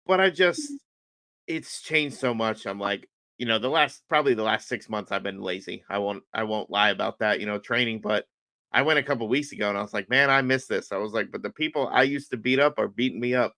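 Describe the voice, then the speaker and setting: A man with a bright, forceful voice tells stories on a podcast and acts out every quoted line. The sound is close and dry, with no room around it. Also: fairly low pitch, a little fast, no room sound. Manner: animated storyteller, acts out quotes. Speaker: podcast host. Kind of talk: casual chat.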